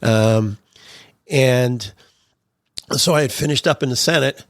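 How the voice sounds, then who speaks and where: A man's voice: medium pitch, slow, no room sound, studio quality. A man telling political anecdotes as a podcast guest, chuckling through his stories. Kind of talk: storytelling interview.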